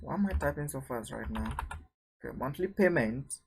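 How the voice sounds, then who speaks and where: A man's voice: mid-range voice, animated, moderate pace, creaky, slight background noise. A man teaching a programming lesson, thinking aloud as he types and asking rhetorical questions to the viewer. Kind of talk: screen-recorded coding tutorial.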